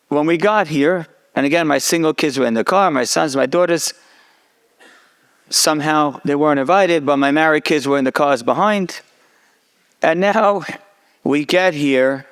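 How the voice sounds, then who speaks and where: A middle-aged man, a rabbi, telling a personal story in a sermon and acting out the dialogue. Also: a little high. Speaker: rabbi giving a talk.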